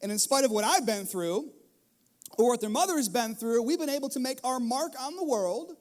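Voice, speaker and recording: A middle-aged man, a pastor, preaching a sermon in a lively storytelling manner, acting out scenes from his family life. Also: extremely high pitch, brisk. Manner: animated storytelling, acts out his kids and himself. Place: church stage.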